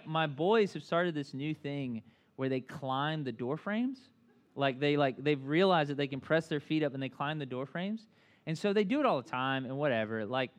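A man preaching a conversational sermon as pastor, animated and full of asides, often checking in with "right?". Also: on the high side.

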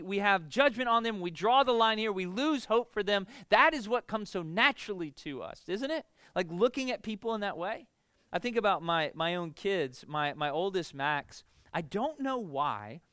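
A man in his thirties preaching a conversational sermon to a congregation, animated and asking "right?" often. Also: high-pitched, no echo. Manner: casual, animated, frequent rhetorical "right?". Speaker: pastor. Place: church in front of a congregation.

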